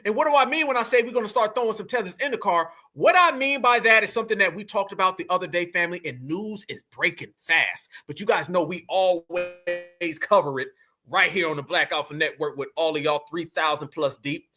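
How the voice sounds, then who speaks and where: High, bright-voiced mocking man host. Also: fairly quick, soft background music. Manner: mocking, emphatic, laughs at clips. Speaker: livestream host. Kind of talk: reaction commentary livestream.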